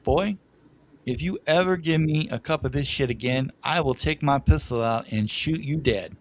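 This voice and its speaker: A man acting out his cranky old father, blunt and profane, in a raised, higher voice. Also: moderate pace, a little hiss or hum, natural voice. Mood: irritated. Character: gruff old father, cranky, coffee-loving.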